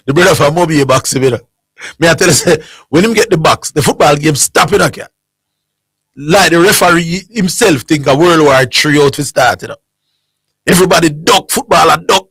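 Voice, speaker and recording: A man with a Jamaican accent hosting a sports call-in radio show, telling an animated anecdote in creole and chuckling often. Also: mid-range voice, normal speed, long pauses, no room sound. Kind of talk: casual storytelling on call-in radio.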